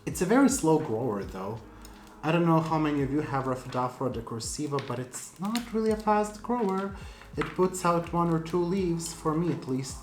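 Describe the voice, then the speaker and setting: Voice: medium pitch, reverberant. Playful plant vlogger with faint music. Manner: playful, self-mocking chatter. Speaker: plant channel host. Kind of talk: casual vlog while repotting a plant.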